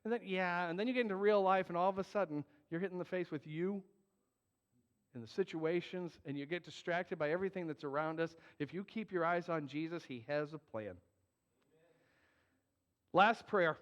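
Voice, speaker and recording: A man's voice: high-pitched, expressive, normal speed, long pauses, a bit bright. A man preaching as a pastor, earnest and emphatic with joking asides. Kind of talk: sermon. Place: church sanctuary. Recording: dull, long hall reverb.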